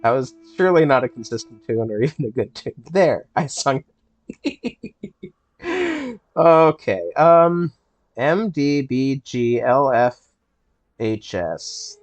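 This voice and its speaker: A man hosting a casual game let's play, reading in-game texts aloud and puzzling over them with a playful, thinking-out-loud manner. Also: medium pitch, big pitch swings, slow pace, no room sound, faint music behind. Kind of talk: casual gameplay commentary.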